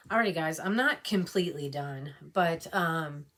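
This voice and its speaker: A low-pitched woman speaks in a casual get-ready-with-me vlog. She rambles through her thoughts with plenty of fillers, sounding emotional as she talks. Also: lively intonation, moderate pace, few pauses, a bit bright. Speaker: beauty vlogger.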